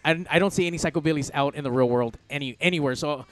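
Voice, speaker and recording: A man's voice: fairly high pitch, quick pace, over music. A man hosting a casual podcast, with crude, joking banter and a Southern California accent. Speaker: podcast host. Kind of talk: casual raunchy podcast chat.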